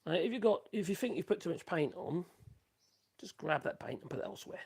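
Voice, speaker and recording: A man's voice: high voice, animated, a little fast, gravelly, a little mellow, breathy edge. A man rambling casually to viewers, muttering asides to himself as he works in his workshop. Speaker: woodworking livestream host. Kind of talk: casual chat while working.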